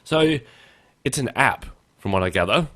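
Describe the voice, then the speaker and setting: A man's voice: medium pitch, lively intonation, normal speed, a bit bright. A man hosting a podcast, chatting casually and rambling with self-deprecating jokes. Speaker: podcast host.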